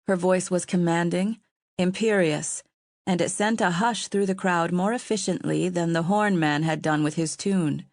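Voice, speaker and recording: A woman narrating an audiobook in a steady, even storytelling manner. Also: on the low side, normal speed, dry recording, studio quality.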